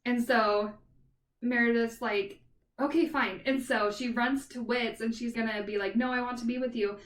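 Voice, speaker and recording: A woman's voice: on the high side, steady tone, normal speed. A woman co-hosting a podcast, casually retelling a novel's plot with lots of "like" and "kind of thing". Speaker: podcast co-host. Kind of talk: casual book review chat. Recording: echoey room, far from the mic.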